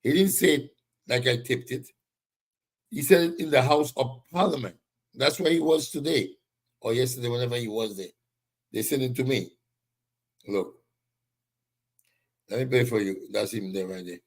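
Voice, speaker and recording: A man with a husky, slightly rough voice hosts a live-streamed political talk. He speaks heatedly and with emphasis, stopping now and then to greet viewers by name. His pitch sits in an ordinary middle range. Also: moderate pace, long pauses. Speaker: political commentary show host.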